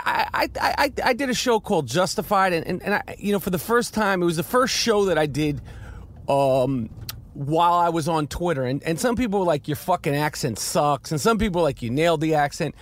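A middle-aged man talking casually about a film while walking on a city street, rambling and profane, with many restarts and fiery outbursts. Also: high voice. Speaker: podcast host and actor reviewing a film.

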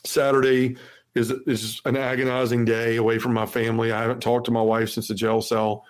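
Man, 40s, podcast guest, personal testimony, earnest, monotone delivery, acts out quotes. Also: medium pitch, brisk. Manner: earnest, heavy use of "you know".

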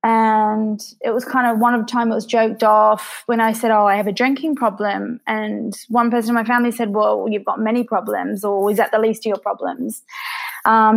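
A woman's voice: a little high, creaky. Emotional, reflective woman telling her story. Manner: emotional, reflective, with frequent restarts. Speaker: podcast guest, author. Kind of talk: candid conversational interview.

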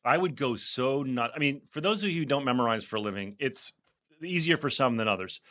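A man's voice: medium pitch, expressive, a little fast, fairly bright tone. A man co-hosting a casual podcast, telling chatty, rambling anecdotes with frequent restarts. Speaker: podcast co-host, actor. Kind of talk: casual chat.

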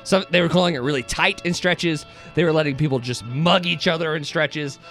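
Excitable guy cohosting a sports podcast, high voice, sharp tone, restarts a lot. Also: brisk, soft background music. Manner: excitable, repeats words when starting sentences. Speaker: podcast co-host. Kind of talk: casual post-game sports chat.

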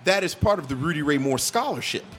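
A man co-hosting a casual podcast film discussion, musing out loud and often restarting his thoughts. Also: a little high, lively intonation, fast talker.

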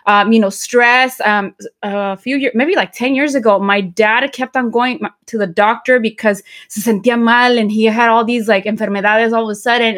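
A woman in her thirties hosting a podcast, excited and rambling, mixing in Spanish words. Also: on the high side. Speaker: podcast host. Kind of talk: casual podcast chat.

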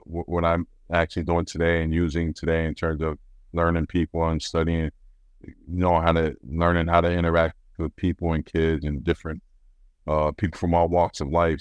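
A former basketball player chatting as an interview guest, relaxed and rambling, with fillers and restarts, from Rochester, New York. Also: male voice, low-pitched, clean tone, dry recording. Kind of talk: casual interview storytelling.

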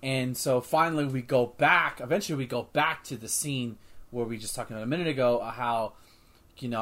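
A man hosting a casual movie review podcast, talking in an excitable, rambling way with frequent swearing and restarts. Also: medium pitch, a little fast. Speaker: podcast host.

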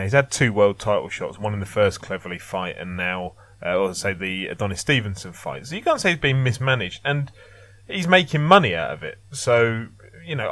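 A man's voice: fairly low pitch, a bit bright, no echo. A man giving blunt, opinionated boxing analysis in a casual podcast chat, laughing and swearing now and then. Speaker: boxing pundit.

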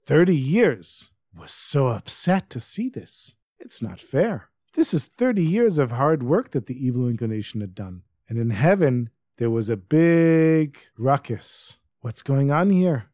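A man storyteller telling a Hasidic tale in a lively, emphatic way. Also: mid-range voice, measured pace, few pauses, no echo, clean studio sound.

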